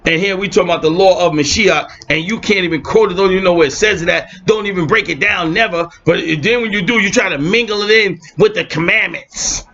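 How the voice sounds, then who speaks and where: A man in an impassioned religious rant, streetwise and mocking, swinging between shouting and muttering. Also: sits high, a little fast, few pauses. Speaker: religious video blogger. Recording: muffled lo-fi with faint hiss.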